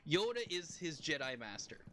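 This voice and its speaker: A man's voice: a little high, big pitch swings, normal speed, pushed and bright. A young man streaming a game, chatting casually in a rambling way and laughing often. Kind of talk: casual live-stream chat while playing.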